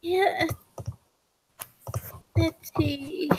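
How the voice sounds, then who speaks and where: Woman, tabletop player, high voice, slow casual talk. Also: fairly even intonation, a little mellow, a little hiss or hum. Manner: casual, halting with fillers. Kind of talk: tabletop role-play narration.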